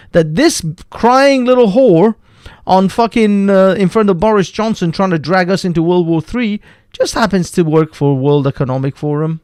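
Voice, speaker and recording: A man with a fairly high voice runs a live stream, ranting hotly and swearing freely. His sentences stop and restart as he goes. The sound is dry and close, with no room around it. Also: animated, measured pace, darkish tone, no room sound. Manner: profane, heated, interrupts himself. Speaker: livestream host.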